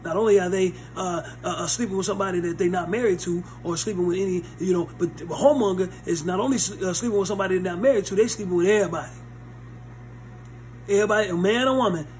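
A man's voice: high-pitched, quick pace, a little hiss or hum. A man leading an informal Bible study, preaching in blunt, street-level plain talk and repeating phrases for stress.

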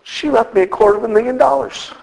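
A man's voice: very high-pitched, fast talker, gravelly, a little mellow, in a large hall, exaggerated voice, low-quality recording. A preacher doing a gloomy old man. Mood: mopey. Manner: mopey, complaining.

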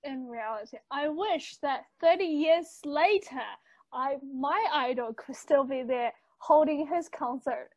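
High-voiced, giggly woman podcast co-host. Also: unhurried, dry recording. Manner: giggly, chatty, with frequent restarts. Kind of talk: casual chat.

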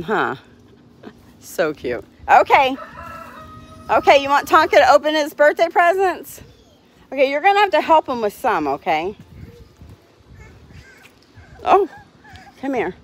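A woman's voice: sits high, wildly swooping pitch, takes it slowly, pauses often. A woman hosting a casual livestream, talking cheerfully to her dogs and laughing often. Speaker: dog owner hosting a livestream.

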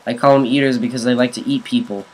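Young male YouTuber, let's play commentary, jokey and excitable, shouty, slight noise on the recording. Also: medium pitch, fast talker, poor audio. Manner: excitable, yelling at enemies, jokey asides. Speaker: gaming YouTuber.

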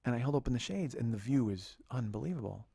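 A male comedian hosts his own show, telling a long comic story in an animated, exasperated way. His pitch leaps up and down as he builds the story to loud peaks. The sound is close and dry, with no room around it. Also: fast talker, creaky, slightly rough, dry recording. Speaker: comedian host.

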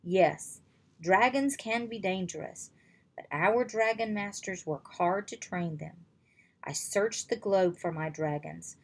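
A woman's voice: mid-range voice, takes it slowly. A woman reading as a firm, commanding king. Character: stern older male king addressing his people.

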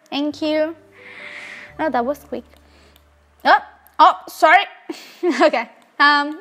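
A young woman with a Portuguese accent, a native Portuguese speaker, chatting giggly and excitable while commenting on her gameplay. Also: high voice. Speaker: gaming let's-play host.

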